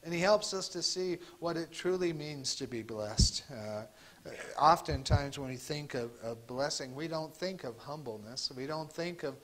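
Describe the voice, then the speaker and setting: Male pastor, a touch higher-pitched, easygoing sermon full of "uh" and restarts. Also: a bit bright, poor audio. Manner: conversational, halting with fillers and restarts. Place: church sanctuary.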